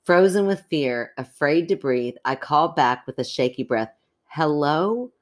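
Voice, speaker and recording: Woman, podcast co-host, casual chat, deep voice, giggly, dramatic reading. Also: animated, moderate pace. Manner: laughs often, dramatic story reading. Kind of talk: casual chat, reading a listener story aloud.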